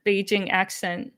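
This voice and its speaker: A chatty young woman hosts a casual live stream, reading out and answering viewers' comments. Her voice sits in an ordinary middle pitch. She talks candidly, laughs easily and mixes in bits of Chinese. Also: a bit bright. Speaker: language-learning channel host.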